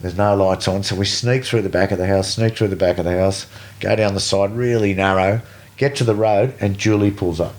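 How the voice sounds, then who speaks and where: Lively Australian man telling stories. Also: low-pitched, a little fast. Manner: animated, swears freely, acts out quoted voices. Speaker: guest, veteran BASE jumper. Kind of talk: casual storytelling.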